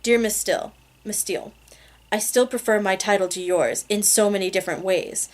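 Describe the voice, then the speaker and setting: Woman reading a book out loud, easygoing, giggles at her own slips, medium pitch. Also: brisk. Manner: reads emails aloud, laughs at her own slips. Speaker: reader. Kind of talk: casual amateur audiobook reading.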